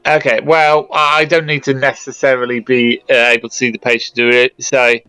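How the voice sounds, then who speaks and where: A man playing a tabletop game, chatty and quick to laugh. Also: mid-range voice, flat delivery, sharp tone, clear, resonant tone, soft background music. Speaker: player. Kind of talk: casual tabletop play.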